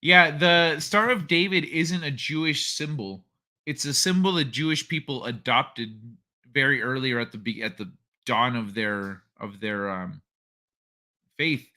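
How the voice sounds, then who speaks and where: A man's voice: mid-range voice, measured pace, sharp tone. A man hosting a livestream, chatting casually and reading out viewer comments in a rambling way. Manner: rambling, thinks aloud, frequent restarts. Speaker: livestream host.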